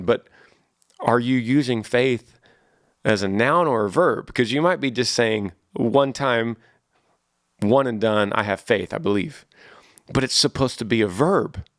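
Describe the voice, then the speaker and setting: A man's voice: mid-range voice, no room sound, studio quality. A man in his thirties hosting a faith podcast, answering listener questions in an earnest, preachy way and often repeating words as he thinks. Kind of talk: casual faith-based podcast talk.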